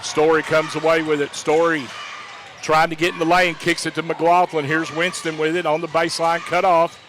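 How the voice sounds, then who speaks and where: A man calling high school basketball play-by-play, rapid-fire, rising to shouts on big plays. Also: level tone, background noise. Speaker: play-by-play announcer.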